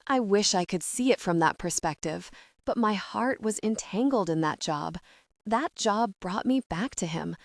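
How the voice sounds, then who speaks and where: A woman's voice: medium pitch, expressive, a little slow, vocal fry, no room sound, clean studio sound. Woman narrating an intimate romance audiobook. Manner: intimate, emotional storytelling.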